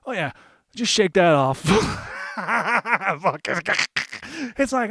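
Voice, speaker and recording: A young man, an Army veteran, telling a comic story, animated and profane, acting out his own panic. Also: sits high, very slow, creaky, noisy background. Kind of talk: comedic storytelling.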